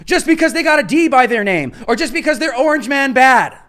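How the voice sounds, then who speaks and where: A man's voice: very high voice, animated, fairly quick, pushed and bright. A man hosting a live political commentary show, talking in an emphatic, sarcastic, ranting way. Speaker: host.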